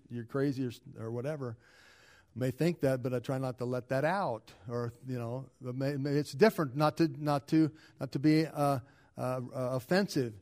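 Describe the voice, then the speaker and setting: A middle-aged man, a pastor, preaching a sermon with frequent restarts and repeated words, swinging between loud emphasis and quiet asides. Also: medium pitch.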